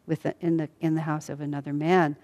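A woman's voice: low-pitched, little pitch movement, a little mellow, natural voice. A woman voicing a stern, duty-bound warrior-king. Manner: formal, measured declarations. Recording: long hall reverb.

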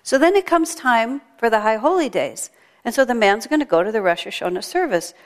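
A woman's voice: a little high, expressive, brisk. A woman giving a chatty, storytelling sermon at a temple. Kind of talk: sermon with a told joke. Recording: long hall reverb.

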